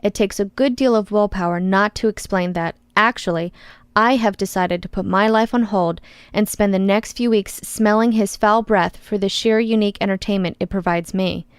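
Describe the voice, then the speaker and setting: A woman's voice: medium pitch, fairly even intonation, normal speed, clear, resonant tone, no room sound. A woman narrating an audiobook in the first person, with a wry, sarcastic edge.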